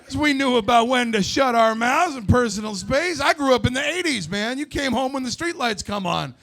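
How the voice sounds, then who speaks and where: High, gravelly stand-up comedian. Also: male voice, lively intonation, moderate pace, some chatter behind. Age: 40s. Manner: brash, loud storytelling with crude jokes.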